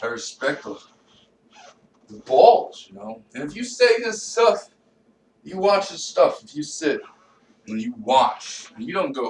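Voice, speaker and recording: A man's voice: fairly high pitch, sing-song, measured pace, long pauses, darkish tone, slight background noise. A man delivering a profane, rambling comedic monologue and talking to himself. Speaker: vlogger. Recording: roomy echo, distant from mic.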